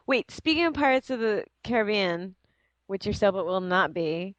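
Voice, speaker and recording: A woman's voice: medium pitch, lively intonation, moderate pace, no room sound, muffled recording. A woman co-hosting a casual podcast interview, joking and laughing often. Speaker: podcast co-host.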